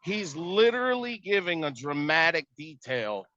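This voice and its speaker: A man's voice: on the high side, lively intonation, a little slow, pushed and bright, no echo. A man telling a family argument in casual, exasperated storytelling, acting out what was said. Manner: exasperated, retells arguments with quoted dialogue. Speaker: stepparent telling a family conflict. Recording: dull lo-fi dry recording.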